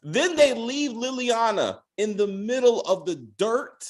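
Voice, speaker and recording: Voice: mid-range voice, takes it slowly. A podcast host ranting casually about a TV episode, swearing freely and acting out characters' lines. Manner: profane, animated, acts out characters' lines. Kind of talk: casual spoiler rant.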